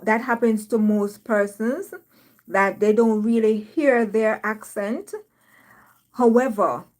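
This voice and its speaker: A woman from Jamaica with a Jamaican accent, hosting a casual live stream, reading viewer comments aloud and laughing often. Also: medium pitch.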